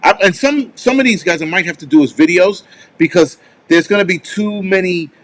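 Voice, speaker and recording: A man with a fairly high voice hosts a casual live stream and rambles from one thought to the next. He swears freely, and when he tells a story his delivery turns animated. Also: a little fast. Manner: rambling, with restarts. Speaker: host.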